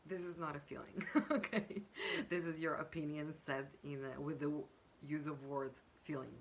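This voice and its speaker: A woman coaching on communication, explaining step by step in a measured way with frequent pauses and fillers, now and then acting out example sentences. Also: sits low, fairly even intonation, slight background noise. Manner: measured, pausing with fillers, acts out example phrases. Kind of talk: explanatory teaching talk.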